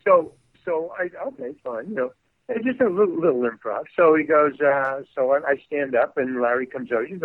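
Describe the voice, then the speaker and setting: A man's voice: medium pitch, brisk, no echo. An older man, a guest actor, telling stories in a podcast interview, rambling and acting out the people in them. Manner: rambling, animated, acts out the people in his stories. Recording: dry tinny phone-like line.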